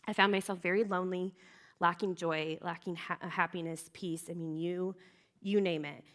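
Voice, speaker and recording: A woman's voice: lowish voice, steady tone, normal speed, a bit bright. A woman in her thirties speaking to teenage girls at a youth gathering, sharing her own story in an earnest, chatty way, full of fillers and restarts and close to tears at times. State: emotional. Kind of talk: personal testimony talk.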